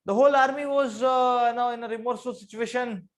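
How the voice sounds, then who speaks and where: High-voiced man giving a spiritual talk. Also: fairly even intonation, fast. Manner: earnest, repeats phrases for emphasis; dramatic swings in pitch and loudness. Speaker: spiritual teacher. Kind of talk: spiritual discourse with storytelling.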